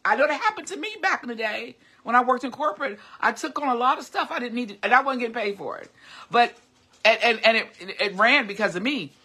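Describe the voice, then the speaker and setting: Earnest, bright-voiced middle-aged woman. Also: fairly high pitch, expressive, fast talker, slightly rough. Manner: earnest and encouraging, often repeats herself and restarts. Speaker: host of a motivational live video. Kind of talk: casual heartfelt livestream talk.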